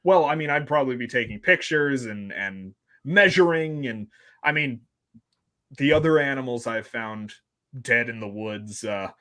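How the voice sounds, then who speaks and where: A man's voice: medium pitch, moderate pace, pushed and bright. A man, a paleontologist guest, explains science eagerly in a casual interview and laughs easily.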